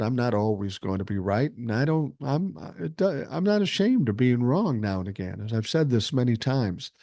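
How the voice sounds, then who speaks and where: Man in his sixties, fairly low voice, blunt and profane, casual livestream chat, dry close sound. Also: darkish tone, dry recording. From Minnesota, USA. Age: 60s. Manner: blunt, frequent swearing, reasonable tone. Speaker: podcast host reading live chat.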